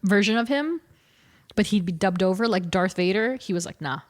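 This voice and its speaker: A woman in her forties co-hosting a casual podcast chat, telling stories animatedly and correcting herself as she goes. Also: medium pitch. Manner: animated storyteller, quick self-corrections. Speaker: podcast co-host.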